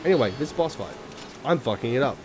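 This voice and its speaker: A man's voice: mid-range voice, expressive, fast talker, background noise. A man playing a video game and commenting in a rambling, self-deprecating way, swearing often. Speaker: let's play gamer. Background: video game music.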